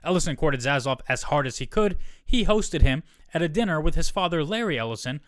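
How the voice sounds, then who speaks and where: Reading a news article aloud on his solo podcast, a male host stops for casual asides and quick corrections. His smooth, resonant, mid-pitched voice has a fairly bright tone, recorded dry and close without room echo.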